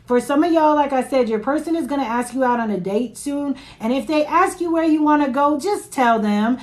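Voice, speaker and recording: Sex: woman. Role: tarot reader. Style: casual live-stream reading. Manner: chatty, loose, checks in with viewers. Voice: a touch high. Mic: phone at home. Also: fairly quick, a little mellow. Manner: chatty, loose, tag questions and asides to viewers.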